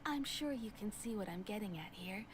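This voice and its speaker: A woman voicing a gentle, soft-spoken young townswoman with a soft, slightly squeaky, near-whispered voice who tells stories patiently. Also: expressive, a little fast, background noise, natural voice.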